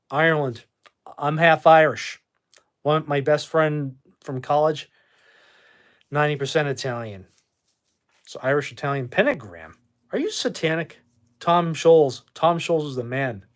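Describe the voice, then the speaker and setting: Blunt, cursing man on a livestream. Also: a little high. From Boston. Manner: blunt, profane, quick to dismiss with a laugh. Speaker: livestream host reading chat. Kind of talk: casual livestream chat. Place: his own room at home.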